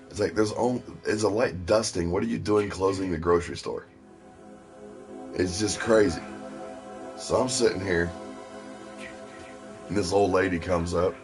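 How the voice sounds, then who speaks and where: A man from Ohio telling rambling personal stories in a casual, profane way. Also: low-pitched. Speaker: stream host. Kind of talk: casual storytelling.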